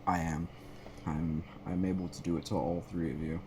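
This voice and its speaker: A man with a very low voice, playing at a tabletop game. He answers calmly and matter-of-factly, with a faint noise behind him. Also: moderate pace. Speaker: player. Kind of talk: casual chat at a game table.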